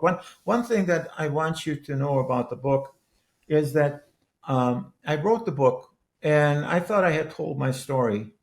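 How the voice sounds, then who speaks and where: Gravelly and a bit mellow at a medium pitch, this Wisconsin man in his eighties tells stories on a podcast. A former politician turned author, he is earnest and rambling, restarting his sentences often.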